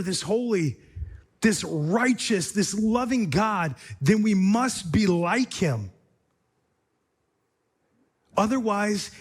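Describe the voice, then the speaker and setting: Male pastor, sermon delivery, higher register, measured and emphatic with rhetorical repeats. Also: slightly rough.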